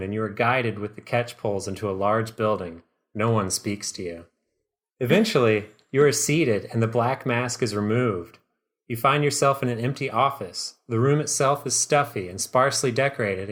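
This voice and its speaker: A man hosting a podcast, reading a comedic second-person story in a dry, deadpan way. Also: mid-range voice.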